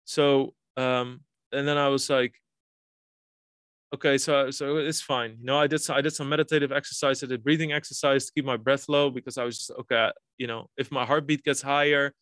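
A man's voice: mid-range voice, little pitch movement, fairly quick, fairly bright tone, no room sound, studio quality. A man, a podcast guest telling a personal story in a rambling way, swearing and restarting. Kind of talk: casual storytelling.

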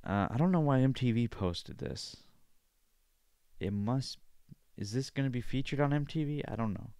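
A man hosting a casual solo podcast, rambling with lots of swearing and sometimes putting on a high excited voice for his pet. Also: normal speed, clear, resonant tone, dry recording, studio quality. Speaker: podcast host.

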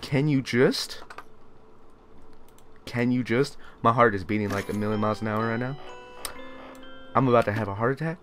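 A young man giving let's play commentary on a horror game, yelling, swearing and panicking in fright. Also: mid-range voice, moderate pace, pauses often, faint music behind. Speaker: gamer.

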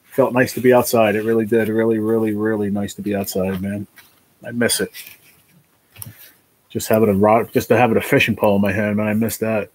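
Man, laid-back stream host, husky and lowish, rambling chat with viewers. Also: level tone, fairly quick, darkish tone. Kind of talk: casual live chat. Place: basement room.

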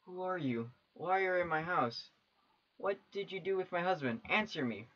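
A man's voice: high-pitched, expressive, moderate pace, lo-fi sound, voice pushed up. A man voicing an angry, confused older mother who treats her son as an intruder, speaking in a cold, accusing way. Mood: hostile.

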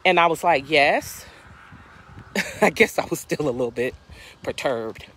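Animated woman in her fifties telling a story. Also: sits low, normal speed. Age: 50s. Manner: animated, acts out dialogue in voices. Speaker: life coach and inspirational speaker. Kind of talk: casual storytelling testimony.

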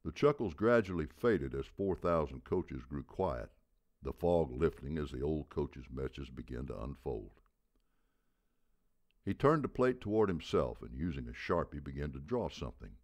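A man with an extremely low, deep voice reads a story aloud. His narration is measured, and he slows down to land key details. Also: animated, darkish tone.

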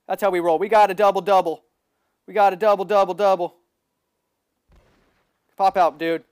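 A man giving excitable live gameplay commentary, boasting, repeating himself and bursting into loud yelling. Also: fairly high pitch, clean tone, dry recording, clean studio sound. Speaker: gaming livestreamer.

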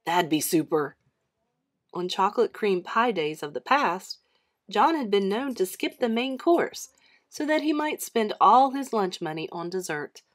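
A woman reads a children's chapter book aloud at an unhurried, measured pace. Her voice sits at a middle pitch and gives each line clear expression. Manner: slow, expressive reading. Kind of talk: read-aloud storytelling.

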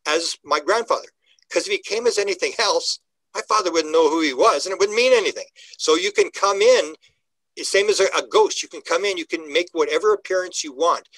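An older man, a guest on a podcast, telling stories in an animated way, acting out quoted dialogue and often restarting his sentences. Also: high-pitched, no room sound, low-quality recording. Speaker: guest UFO researcher. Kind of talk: conversational podcast interview.

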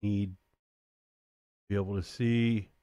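A man talks through his game stream in a loose, self-mocking way, often laughing at his own mistakes. His voice sits a little low and he takes his time. The sound is dry and close. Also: flat delivery, measured pace, warm tone, smooth, no room sound. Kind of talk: casual gameplay commentary.

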